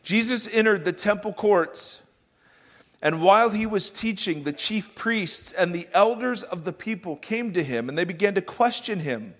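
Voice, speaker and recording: A man's voice: sits high, expressive, normal speed, a bit bright. A man in his thirties, a pastor preaching a sermon and dropping wry, self-deprecating jokes between Bible passages. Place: church auditorium. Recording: reverberant church hall.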